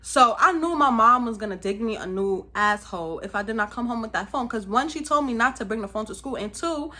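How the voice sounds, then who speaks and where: Bright-voiced New York woman storyteller. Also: fairly high pitch, a little fast. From Brooklyn, New York. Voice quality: animated, slangy storytelling. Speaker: vlogger. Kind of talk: casual storytime.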